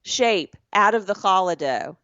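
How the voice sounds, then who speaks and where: Alabama woman in her 40s, podcast cohost, animated storyteller, dry slightly muffled sound. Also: mid-range voice, measured pace, no echo. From Birmingham, Alabama. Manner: animated storytelling, acting out family voices. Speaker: podcast co-host. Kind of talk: casual sister chat.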